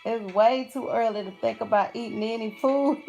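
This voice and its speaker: A woman's voice: fairly high pitch, measured pace, creaky, dark tone, soft background music. A middle-aged woman, chatting casually with viewers on a livestream and laughing often between phrases. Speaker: channel host.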